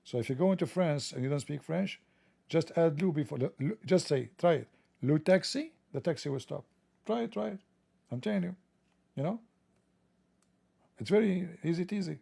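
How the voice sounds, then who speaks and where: Gravelly, dark-voiced man mocking sarcastically. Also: on the high side, moderate pace, pauses often, dry recording. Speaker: livestream host. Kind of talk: mocking monologue.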